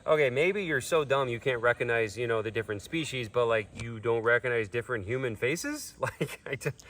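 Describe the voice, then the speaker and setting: A man in casual conversation, worked up and exasperated as he rants. His voice sits at an ordinary middle pitch. He sounds a little distant from the microphone. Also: fairly quick, a bit bright, slight background noise. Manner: exasperated, ranting. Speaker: host. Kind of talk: casual chat.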